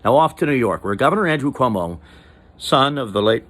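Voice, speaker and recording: A man's voice: medium pitch, animated, brisk, a bit bright. A man hosting a comedic political monologue, rambling and interrupting himself with mock-serious asides. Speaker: comedian host.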